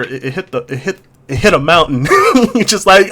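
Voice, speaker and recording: Excitable male co-host, high lively voice, laughs through everything. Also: normal speed. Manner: laughs constantly, giggly and excitable, stumbles over words. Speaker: podcast co-host. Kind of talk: casual chat.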